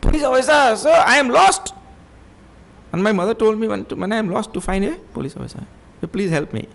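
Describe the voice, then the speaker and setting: A man voicing a lost little boy who pleads for help, pitching his voice far up. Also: animated, a little fast, gravelly, fairly bright tone, exaggerated voice. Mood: pleading. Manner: pleading, then overjoyed.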